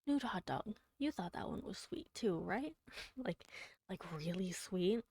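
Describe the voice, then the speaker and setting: A woman streamer chatting casually on a live reading stream, soft-spoken and emotional, halting as she talks and often slipping into a whisper. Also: mid-range voice, animated, slightly rough, dry recording. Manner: halting, with many restarts and fillers.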